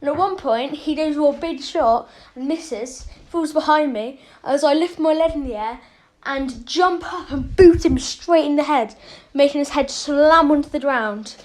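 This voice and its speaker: A woman's voice: sits high, a little slow, few pauses. A woman casually telling a made-up story as a channel host, rambling and correcting herself often. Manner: rambling, with many fillers and self-corrections.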